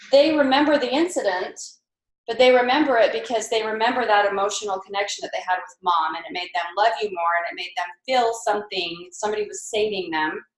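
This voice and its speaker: Woman telling animated stories, echoey room. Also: mid-range voice. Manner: animated storytelling, acting out quoted voices. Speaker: presenter at a team training. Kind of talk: live training talk to a group. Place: meeting room with a live audience.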